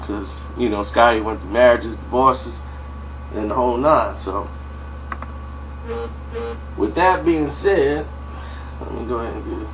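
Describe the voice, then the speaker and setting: A man's voice: medium pitch, a little slow, pauses often, a bit bright, a little hiss or hum, poor audio. A man casually telling a story in a slangy style, full of "you know" and "like". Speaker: vlogger.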